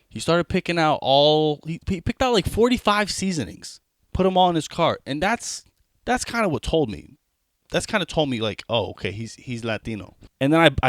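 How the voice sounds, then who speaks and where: A man's voice: medium pitch, dry recording, clean studio sound. Young man doing a rambling stand-up bit. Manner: conversational, rambling asides with frequent restarts. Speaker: stand-up comedian. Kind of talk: stand-up comedy set.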